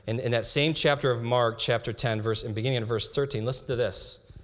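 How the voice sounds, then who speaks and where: A young man preaching a sermon, reading scripture slowly with emphasis and breaking into casual asides. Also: medium pitch, steady tone, fairly bright tone. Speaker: pastor. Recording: hall reverb.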